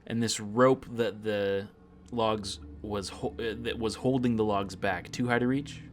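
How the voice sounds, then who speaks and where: A man's voice: on the low side, steady tone, a little slow, slight background noise. A man playing a tabletop role-playing game, thinking aloud and often repeating words as he asks questions. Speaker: player.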